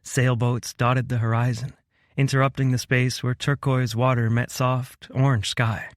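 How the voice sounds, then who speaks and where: Man gently narrating a romance. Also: mid-range voice, flat delivery, unhurried, dry recording, clean studio sound. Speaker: audiobook narrator. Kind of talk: first-person romance narration. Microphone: close studio mic.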